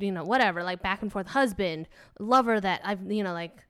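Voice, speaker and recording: A woman's voice: mid-range voice, brisk, a bit bright, clear, resonant tone, no echo, studio quality. A young woman co-hosting a podcast in casual chat, teasing and candid, rambling as she talks. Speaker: podcast co-host.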